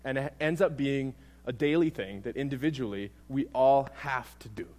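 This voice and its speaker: A young man preaching a sermon, telling a comic personal story in an animated, self-mocking way. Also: mid-range voice, moderate pace.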